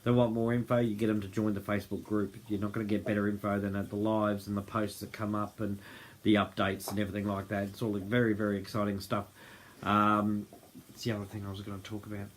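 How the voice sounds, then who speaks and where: A man's voice: fairly low pitch, level tone, fast. A man hosting an unscripted livestream, rambling and often losing his train of thought. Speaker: host of a group livestream. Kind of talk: unscripted casual livestream talk.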